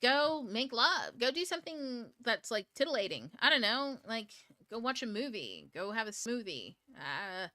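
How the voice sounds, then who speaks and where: A woman's voice: a little high, big pitch swings, moderate pace, bright, forceful tone, no room sound. A woman hosting a book club stream, chatting casually in a blunt, profane way and laughing often. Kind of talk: casual livestream talk.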